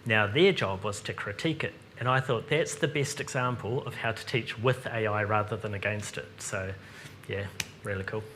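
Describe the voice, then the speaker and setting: A man's voice: on the low side, moderate pace, fairly bright tone, slight background noise. A man answering audience questions at a seminar in a casual, chatty way. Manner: casual, chatty, lots of ums. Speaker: seminar presenter. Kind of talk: live seminar Q&A.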